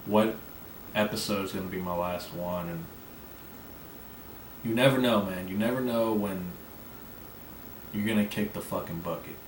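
A man with a fairly low voice rambles through a casual solo podcast, brash and full of swearing. He sits some way back from the microphone in a roomy, echoing space with a faint hiss underneath. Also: moderate pace, long pauses. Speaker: podcast host. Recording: echoey room, mic at a distance, faint background noise.

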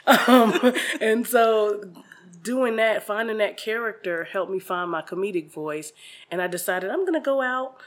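A woman's voice: medium pitch, animated, moderate pace. A woman comedian in a casual interview, telling stories animatedly and laughing often. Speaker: comedian guest.

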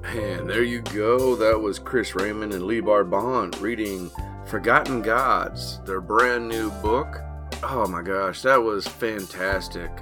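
A man's voice: fairly low pitch, slow pace, over music. A man hosting a podcast, wrapping up with enthusiastic remarks and a few filler uhs. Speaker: podcast host. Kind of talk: podcast outro.

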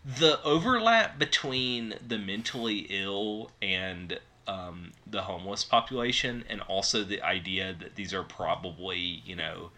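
A man's voice: low voice, unhurried, few pauses, bright, forceful tone. A man co-hosting a podcast, chatting casually about horror films with lots of fillers. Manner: rambling, filler-heavy. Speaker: podcast co-host. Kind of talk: casual chat.

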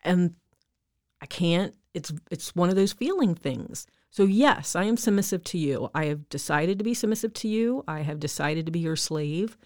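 Woman, low pitch, candid co-host, laughs easily, dry recording. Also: expressive, moderate pace, a little mellow, dry recording. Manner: candid, reflective, laughs often. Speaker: podcast co-host. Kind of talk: casual chat.

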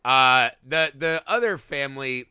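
A man co-hosting a casual movie podcast, talking in an animated, profane way and acting out scenes in goofy voices. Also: mid-range voice, unhurried, clear, resonant tone, dry recording, studio quality. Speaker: podcast co-host. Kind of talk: casual movie-review chat.

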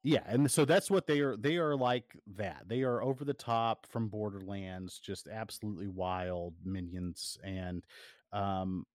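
A man with a lowish voice and measured pace co-hosts a podcast, chatting in a rambling way with many fillers and restarts. The sound is studio quality, free of echo.

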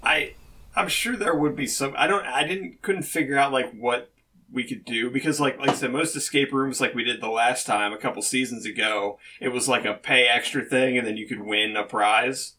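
A man's voice: medium pitch, moderate pace, sharp tone, slight background noise. Hesitant male podcast co-host. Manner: hesitant, many fillers and restarts. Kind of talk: casual chat.

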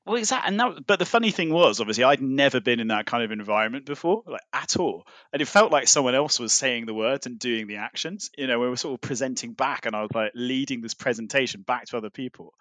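A man's voice: mid-range voice, animated, quick pace, few pauses, a bit bright, dry recording. A man chatting casually as a podcast guest, telling a long story with many fillers and restarts. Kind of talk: casual chat.

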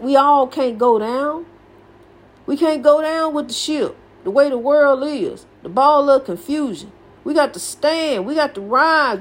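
An older woman hosting a podcast, giving a folksy, preachy motivational talk and repeating her phrases for emphasis. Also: sits high. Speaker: podcast host.

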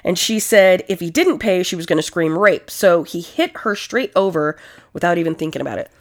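A woman's voice: lowish voice, fairly quick. A woman co-hosting a casual true-crime chat, telling the story with lots of swearing and indignant asides. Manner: profane, animated storytelling. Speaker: podcast co-host.

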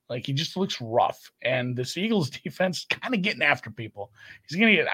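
A man's voice: fairly high pitch, breathy edge. A man co-hosting a casual sports betting show, talking games with wry asides. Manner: animated, wry, swears casually. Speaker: podcast co-host.

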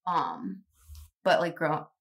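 A woman with a Central Pennsylvania accent co-hosting a casual podcast. She talks in a slightly low register, giggly and animated. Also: slow pace. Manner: giggly and animated, self-described dramatic. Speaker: podcast co-host. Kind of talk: casual chat.

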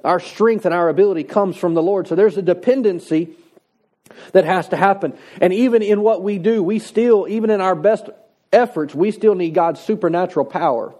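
Emphatic high-voiced male preacher. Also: warm tone. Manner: emphatic, conversational preaching with repetition. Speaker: pastor. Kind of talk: sermon.

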